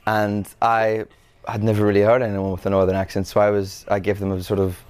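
Self-mocking young man, lowish voice. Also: monotone, brisk, a little mellow, clean tone. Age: young adult. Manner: self-mocking, laughing storyteller. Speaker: actor guest. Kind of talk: casual interview chat.

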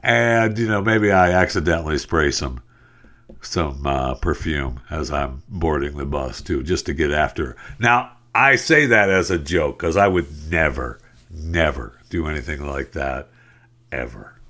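A man's voice: a bass voice, measured pace. A man hosting a radio talk show, chatting casually and telling a joke with lots of fillers. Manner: relaxed, rambling, frequent fillers.

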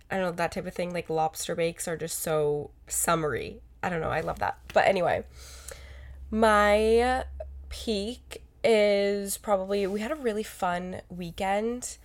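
A woman co-hosting a podcast, chatting in a rambling, casual way and correcting herself as she goes. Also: mid-range voice. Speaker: podcast co-host. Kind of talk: casual chat.

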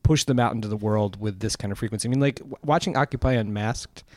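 Man, podcast co-host, rapid speech, wry, run-on thoughts, dry close mic. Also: on the low side, a little mellow, no room sound. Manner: fast, wry, talks in long run-on thoughts. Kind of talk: casual film discussion.

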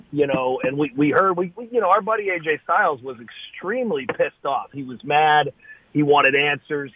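A man telling a story as a podcast guest, animated and swearing freely. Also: on the high side, dry recording. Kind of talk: casual storytelling. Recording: tinny phone-like line, dry.

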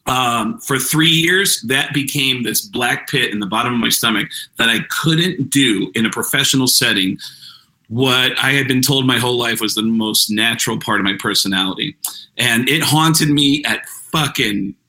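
A man's voice: mid-range voice, normal speed, low-quality recording. A man, a stand-up comedian, telling a story in a casual interview, cursing freely and slipping into voices. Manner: profane, animated, slips into voices.

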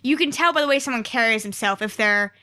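A high, bright young woman talking fast and chattily in a podcast interview. She is animated and keeps acting out what fans say to her. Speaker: guest cosplayer.

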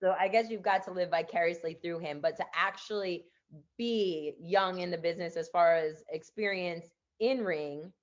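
A woman with a lowish voice hosts a podcast at a moderate pace, chatting casually with a guest and saying "like" constantly. She's a former wrestler, and the audio is lo-fi.

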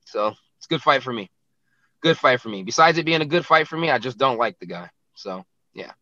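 A man's voice: medium pitch, animated, a little fast, sharp tone, no room sound, dull audio. A man who is a professional fighter, talking bluntly and brashly in a casual interview, filling his speech with "you know, it's like".

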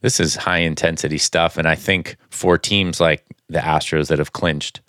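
Deep-voiced man rambling about baseball. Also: steady tone, normal speed, fairly bright tone, dry recording, clean studio sound. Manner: rambling, many fillers and restarts. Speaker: sports podcast co-host. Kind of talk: casual sports talk.

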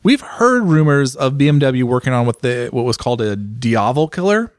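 A man's voice: mid-range voice, big pitch swings, moderate pace, clean tone, dry recording. A man co-hosting a casual talk show, rambling and often repeating words as he starts his sentences. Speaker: podcast co-host. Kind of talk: casual motorcycle chat.

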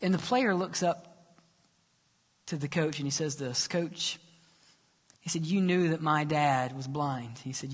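A male pastor preaching and telling a story, dramatic, dropping soft and low for quoted lines. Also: a little slow, pauses often, husky. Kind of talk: sermon storytelling. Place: church sanctuary. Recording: long church reverb.

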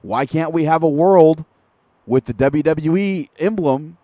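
A man's voice: a little high, measured pace, warm tone, dry recording. A man co-hosting an internet radio show, ranting in casual, profane wrestling talk with long detailed recaps. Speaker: podcast co-host.

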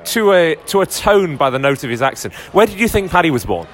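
A man's voice: fairly high pitch, very animated, fast talker. Chatty wry man in a bar. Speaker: podcast host. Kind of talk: casual interview at a fan event. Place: busy bar at a screening.

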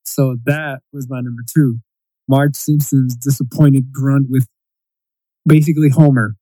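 Mellow-voiced man ranting casually. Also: mid-range voice, unhurried, dry recording, rough recording. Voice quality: mimics quotes in a raised voice. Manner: animated, profane ranting. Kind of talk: casual chat.

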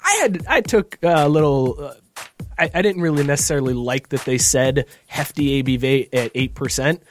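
A man's voice: medium pitch, moderate pace, faint music behind. A man hosting a casual podcast chat over a video call, loose and joking, laughing often. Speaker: podcast host.

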